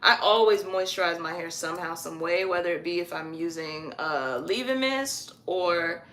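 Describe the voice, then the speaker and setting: A woman chatting casually on a live stream while styling her own hair at home, animated and stretching words out for emphasis. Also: lowish voice, moderate pace, a little hiss or hum.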